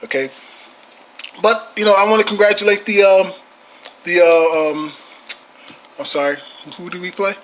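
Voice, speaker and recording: A man's voice: high-pitched, a bit bright. A man hosting a fan channel, ranting about his team with heavy profanity, frequent repeats and laughter.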